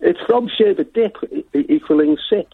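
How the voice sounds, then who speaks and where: A man with a Liverpool accent calls a radio show, chatty and self-deprecating. His pitch swings freely and his voice is slightly husky. It comes through a tinny phone line. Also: expressive, brisk, no room sound. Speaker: caller. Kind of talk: casual phone-in call.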